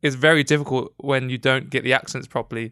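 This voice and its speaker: A man co-hosting a casual podcast chat, thoughtful and a little halting, poking fun at himself. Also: medium pitch, fairly even intonation, sharp tone, clean tone, no room sound, studio quality. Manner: thoughtful, halting, self-deprecating. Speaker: podcast co-host.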